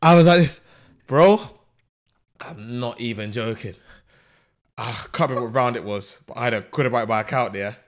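A man's voice: mid-range voice, expressive, racing, hardly any pauses. A young man telling a long story in casual chat, laughing often and full of slang. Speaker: podcast co-host.

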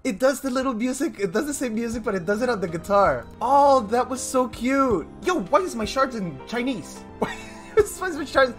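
Colombian guy streaming a game, chatty and excitable, makes fun of himself, soft game music under him. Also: extremely high pitch, normal speed. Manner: excitable, chatty, self-mocking, talks to chat. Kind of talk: casual live-stream gameplay commentary. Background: faint game music.

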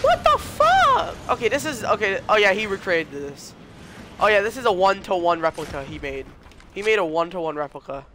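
A young man streaming a shooter game, reacting loudly, swearing often and yelping when surprised. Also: high-pitched, fairly quick, noisy background. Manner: excitable, swears a lot, yelps and shouts in reaction. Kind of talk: live gameplay commentary.

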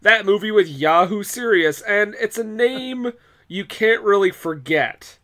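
A high-pitched man with a bright, forceful tone hosts a casual movie podcast. He jokes around and laughs often between his points. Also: measured pace. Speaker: podcast co-host. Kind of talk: casual chat.

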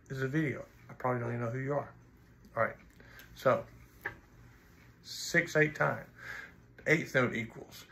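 Blunt, gravelly music teacher. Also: male voice, medium pitch, sharp tone. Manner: blunt, teasing, counts and sings rhythms aloud. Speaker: trombone teacher. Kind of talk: instructional video.

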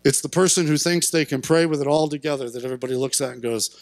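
A male pastor preaching a sermon in church, speaking earnestly and building to impassioned shouts at his peaks. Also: a little high, fast, no echo. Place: church sanctuary.

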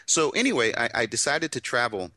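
Guy chatting on a show, lively up-and-down voice, bright tone, keeps restarting sentences, dry sound. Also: mid-range voice, a little fast, no echo. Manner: animated, restarts often, acts out voices in quotes. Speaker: co-host. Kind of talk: casual storytelling chat. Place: in Shanghai, China.

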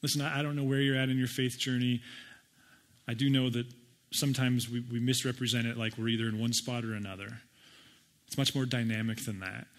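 A man's voice: medium pitch, little pitch movement, fairly quick. A middle-aged man preaching a sermon, conversational and stumbling over repeated words, lifting his voice to read scripture aloud. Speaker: pastor.

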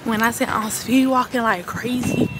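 Chatty young woman vlogging amid loud noise. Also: fairly high pitch, fairly even intonation, moderate pace. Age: young adult. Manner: chatty, keeps addressing viewers as y'all. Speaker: college student vlogger. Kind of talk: casual vlog narration to camera. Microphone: handheld camera.

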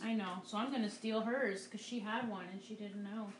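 A woman's voice: medium pitch, steady tone, moderate pace, roomy sound, slight background noise. A woman art teacher giving a live painting demonstration, upbeat and encouraging as she talks through each stroke. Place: art studio.

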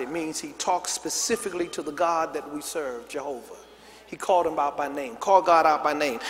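High-voiced pastor in a big hall. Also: male voice. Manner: preaching with call-and-response to the congregation. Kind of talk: sermon. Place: large church sanctuary. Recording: long reverb of a big hall.

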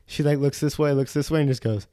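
A young man co-hosting a podcast, telling a story in casual, profane chat and acting out the people in it with high voices. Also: fast talker, dry recording, clean studio sound. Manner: animated storyteller, acts out quotes in high voices, swears a lot. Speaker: podcast co-host.

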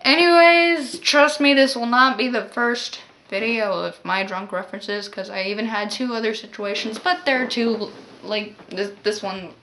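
A woman's voice: on the high side, a little slow, fairly bright tone. A woman telling a story to her vlog in a casual, rambling way, full of "like" and exasperated asides. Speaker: vlogger.

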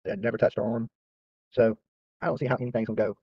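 A man's voice: medium pitch, quick pace, gravelly, husky, dry recording. A man hosting his channel, ranting casually to viewers in a boastful, profane, trash-talking way. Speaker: YouTube channel host. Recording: dry, slightly dull lo-fi sound.

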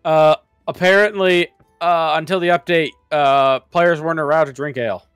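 A man chatting while playing a co-op game, hesitant, with many pauses and fillers. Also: fairly high pitch, fairly even intonation, a bit bright, smooth, no echo, faint music behind. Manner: hesitant, full of "uh", dry. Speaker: game co-player. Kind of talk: casual gaming chat.

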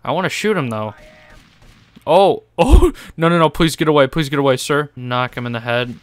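A young man giving excitable gaming commentary, swearing, laughing and making sarcastic remarks as he plays. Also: fairly high pitch, normal speed, dry recording. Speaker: gaming YouTuber.

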